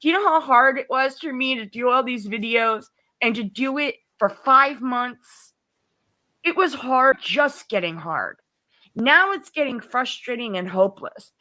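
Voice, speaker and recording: A woman venting on a livestream, exasperated and sarcastic. Her voice is bright and tense, and it jumps up high when she gets heated. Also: lively intonation, measured pace, no echo, poor audio. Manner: exasperated, rises sharply when upset, sarcastic. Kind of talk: frustrated livestream rant.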